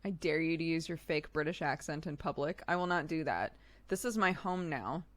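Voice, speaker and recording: A woman's voice: low-pitched, moderate pace, a bit bright. A woman hosting a live stream in casual chat, giggly and chatty, laughing often. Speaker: streamer host.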